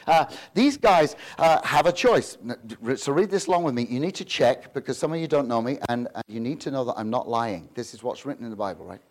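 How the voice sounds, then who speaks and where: A man preaching a sermon in a lively, conversational way, often repeating himself and laughing as he talks. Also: mid-range voice, brisk, few pauses. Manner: animated, conversational preaching with frequent repetitions and laughs. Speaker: pastor.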